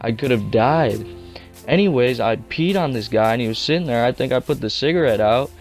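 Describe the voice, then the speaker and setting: A man's voice: medium pitch, expressive, brisk, soft background music. A young man casually telling a rambling, slangy story. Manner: rambling, slangy, laid-back.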